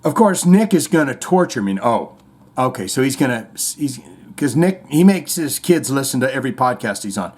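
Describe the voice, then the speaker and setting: A man's voice: medium pitch, very animated, normal speed, darkish tone. A man hosting a podcast, giving comedic commentary with sarcastic, mocking asides. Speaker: podcast host. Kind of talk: comedic commentary on played clips.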